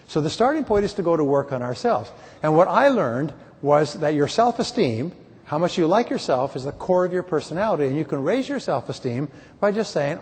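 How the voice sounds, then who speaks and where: A man's voice: a little high, sing-song, a little fast, darkish tone, a little hiss or hum. A middle-aged man giving a motivational conference speech, emphatic and repetitive, with joking stories. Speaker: motivational speaker. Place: large conference hall. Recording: reverberant hall, from far off.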